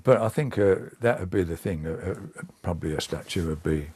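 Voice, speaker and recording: An older man, giving a hesitant, halting interview and often repeating words. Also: sits low, a little mellow, husky. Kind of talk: reflective casual interview.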